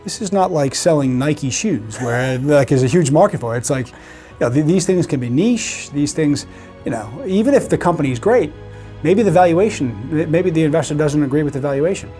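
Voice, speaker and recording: An American man in his forties with a faint Boston accent, chatting as a guest. He is direct and emphatic, and he often restarts his sentences. His tone is mellow and dark. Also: a little high, animated, a little fast, faint music behind. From Boston, USA. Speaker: guest, private equity banker. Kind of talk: casual podcast chat.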